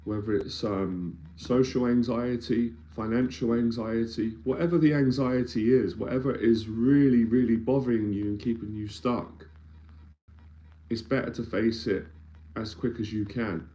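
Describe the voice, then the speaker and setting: An anxiety mentor from London, England, gives a live-streamed talk in a medium-pitched, mellow voice that stays steady and unhurried. Earnest and emphatic, he often repeats phrases while building toward a point.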